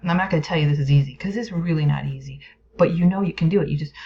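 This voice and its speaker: A woman's voice: low-pitched, very fast, vocal fry. A woman teaching a lesson on stress and the brain, explaining plainly with playful whispered asides and acted inner voices. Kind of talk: educational video lesson. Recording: dull lo-fi recording.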